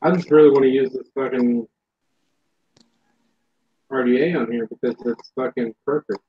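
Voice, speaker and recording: A man's voice: medium pitch, fairly even intonation, normal speed, slight background noise. A man hosting a casual chat about vaping gear, blunt and swearing freely, on a dull lo-fi recording. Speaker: vaping show host.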